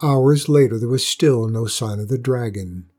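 Husky-voiced man reading a folktale. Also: mid-range voice, normal speed, a little mellow. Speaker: narrator. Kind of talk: storybook reading.

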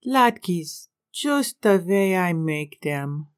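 A man voicing a proud old village woman who cooks, in a high, thin voice, reading a storybook aloud. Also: expressive, extremely slow, smooth, heavily acted.

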